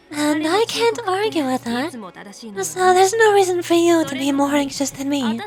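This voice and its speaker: A woman's voice: high-pitched, natural voice. A woman playing a patient female general. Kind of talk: fan voice acting of a game script.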